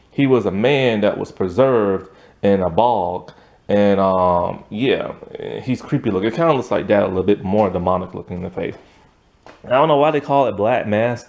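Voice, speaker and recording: A man casually recapping a TV episode, rambling with fillers and laughing now and then. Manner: lively pitch, acts out quotes. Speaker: show reviewer.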